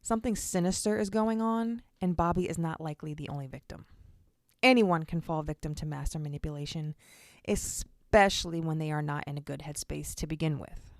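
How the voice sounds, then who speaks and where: A woman's voice: low-pitched, fairly quick, no echo. A woman hosting a true crime podcast, narrating the case in an earnest, direct way and speaking to her listeners. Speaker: podcast host.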